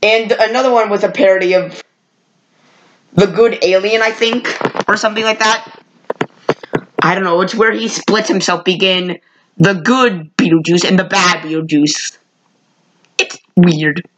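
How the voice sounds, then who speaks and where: A woman talks to her channel's viewers about old cartoons in an unscripted, rambling way. She restarts and corrects herself often. Her voice sits in a middle pitch range but jumps up sharply when she exclaims. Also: a little slow, pauses often, poor audio. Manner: rambling, with frequent self-corrections. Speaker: vlogger reviewing old cartoons. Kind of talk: casual unscripted review.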